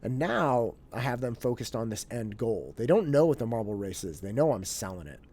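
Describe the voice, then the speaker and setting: An animated man in his thirties telling a story in a casual monologue, with a mellow, relaxed tone. His voice rises and falls widely as he acts out bits of dialogue and repeats himself on the way to his point. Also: mid-range voice, a little fast. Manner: animated, acts out family dialogue, restarts and fillers. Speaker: podcast host.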